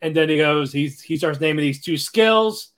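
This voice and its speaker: A man co-hosting a podcast in casual chat, giving short replies and brisk play-by-play recaps. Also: on the high side, a bit bright. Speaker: podcast co-host.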